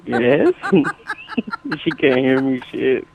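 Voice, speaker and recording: Male podcast guest; quick, laid-back talker who laughs and swears. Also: medium pitch, huge pitch swings, vocal fry, narrow, tinny audio, a crowd in the background. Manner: fast, laughing, swears casually. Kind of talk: casual chat.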